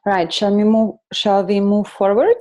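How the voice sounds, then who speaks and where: A woman's voice: mid-range voice, fairly even intonation, measured pace, warm tone. A woman hosting a workshop, affirming her guest enthusiastically. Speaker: workshop host. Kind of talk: casual chat.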